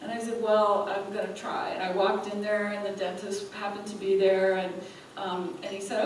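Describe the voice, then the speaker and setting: A woman spiritual speaker tells a story to a live audience in an animated way, laughing between her lines. She sounds far from the microphone in a very echoey hall. A faint murmur of the room sits behind her. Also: medium pitch, normal speed, hardly any pauses, a little hiss or hum. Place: event hall.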